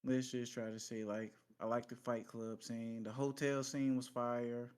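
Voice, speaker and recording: A man reviewing a film in a casual podcast chat, laid-back and measured. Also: mid-range voice, flat delivery, darkish tone, clean tone. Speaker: podcast co-host.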